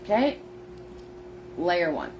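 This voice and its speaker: A woman's voice: fairly low pitch, wildly swooping pitch, slow pace, a little mellow, slight background noise. A woman teaching a live painting lesson, narrating each step in a chatty way. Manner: chatty, step-by-step narration, greets viewers by name. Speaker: painting instructor. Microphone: phone.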